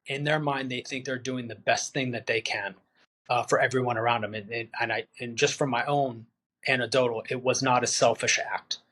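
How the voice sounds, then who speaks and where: A man's voice: mid-range voice, fairly even intonation, normal speed, pushed and bright. A man talking candidly as a podcast guest and veteran, earnest and plain-spoken, acting out his friends' words as he tells the story. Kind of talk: candid interview conversation.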